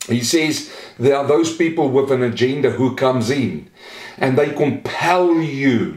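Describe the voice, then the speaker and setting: A man preaching a Bible study sermon as pastor, earnest, slowing down to stress the scripture he quotes. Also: medium pitch, darkish tone. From Australia. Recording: echoey room.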